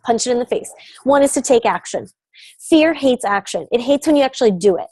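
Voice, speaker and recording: A woman's voice: fairly high pitch, lively intonation, a little fast, a little mellow, slightly rough, no room sound. A young adult woman coach giving an upbeat, emphatic motivational talk. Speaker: business coach.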